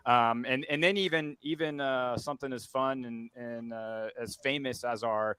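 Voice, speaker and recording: A man speaking in a middle-pitched voice on a headset boom mic, with a dry, close sound. He talks haltingly, restarting his sentences as he explains things on a webinar panel. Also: fairly even intonation, bright, forceful tone, clear, resonant tone, no room sound, low-quality recording. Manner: halting, many restarts and fillers. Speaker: company representative on a panel. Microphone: headset boom mic on a video call.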